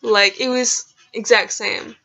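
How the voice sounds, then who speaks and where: A woman's voice: a little high, steady tone, takes it slowly, bright, forceful tone. A young woman vlogger rambling through embarrassing personal stories, full of fillers and casual swearing. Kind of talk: casual storytelling. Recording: lo-fi dull sound.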